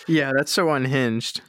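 A man's voice: medium pitch, takes it slowly, a bit bright. A man co-hosting a podcast in casual banter, blunt and wisecracking, swearing freely. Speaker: podcast co-host. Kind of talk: casual chat, joking banter.

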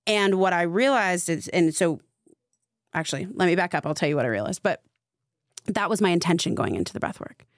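A woman with a low, gravelly voice recounts a personal experience in a relaxed podcast chat. She speaks earnestly and leans on the word "like" throughout. The sound is close and dry, with no room echo. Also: brisk. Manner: earnest, heavy use of filler "like". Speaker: podcast guest, spiritual coach. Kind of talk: casual storytelling conversation.

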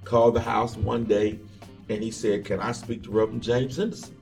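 An evangelist guesting on an interview tells life stories in a gravelly, fry-edged, mid-range voice, speaking a little fast. He sits back from the mic in an echoey room, recorded from a distance, with soft music faint underneath. A relaxed storyteller, he acts out the voices he quotes.

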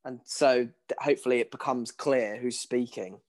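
A stage actor answers audience questions in casual talk, animated and laughing often. He speaks at a medium pitch in quick bursts with many restarts.

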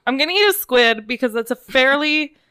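An excitable young woman co-hosting a casual podcast, quick to laugh and swear. Her voice runs fairly high and swings widely in pitch. It is recorded close and dry. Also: clean tone, dry recording. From American Midwest. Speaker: podcast co-host. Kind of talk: casual chat.

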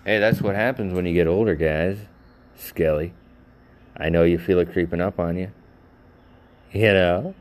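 A man's voice: low voice, fairly even intonation, moderate pace, pauses often. A middle-aged man hosting a solo podcast, rambling goofily and laughing at his own jokes, sounding tired and worn out. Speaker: podcast host.

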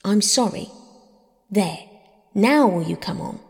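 A woman's voice: medium pitch, expressive, slow, vocal fry, breathy edge, long reverb tail, full character voice. A woman voicing a proud young boy who scolds his sister offhandedly in a storybook reading. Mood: impatient. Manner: offhand, impatient, brotherly scolding.

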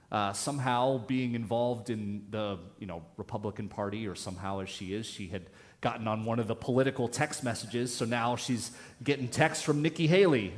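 A man preaching a conversational sermon in church, telling a story casually with many restarts. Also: mid-range voice. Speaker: pastor.

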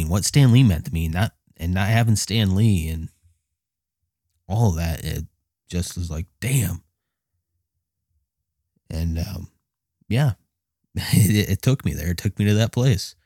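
A man casually retelling a movie night, swearing freely and laughing often, jumping into high excited voices when reenacting his reactions. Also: no room sound, clean studio sound. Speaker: movie fan recounting a film. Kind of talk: casual personal storytelling.

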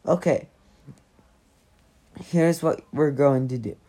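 A woman's voice: low-pitched, takes it slowly, dark tone. A woman reading the part of a wry, short-tempered shopkeeper father in a storybook. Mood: exasperated. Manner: gruff, exasperated.

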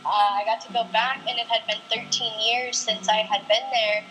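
A woman's voice: on the high side, flat delivery, normal speed, sharp tone, soft background music, rough recording. A young woman guest in a casual interview chat, speaking hesitantly and thoughtfully with many fillers.

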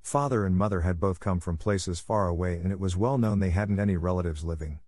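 A man's voice: deep voice, brisk, a little mellow, dry recording, studio quality. A man reading the part of an eager, dreamy eleven-year-old orphan girl in an audiobook, in a gushing way.

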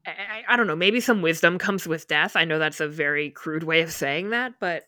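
A woman's voice: sits low, fairly quick, few pauses, bright, forceful tone, no echo, studio quality. A woman co-hosting a book podcast, retelling scenes in casual chat with quoted dialogue and open emotion. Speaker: podcast co-host.

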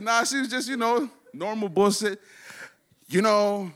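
A man doing a stand-up comedy set, rambling and profane, slipping into quick voices for other people. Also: high-pitched, lively intonation, a bit bright. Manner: does quick voices for his daughter and others.

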